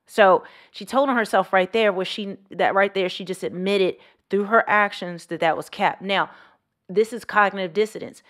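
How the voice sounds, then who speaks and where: A woman vlogger giving emphatic reaction commentary, slowing down and lowering her voice to drive points home. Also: a bit bright. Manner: emphatic, drops to slow low tone for emphasis.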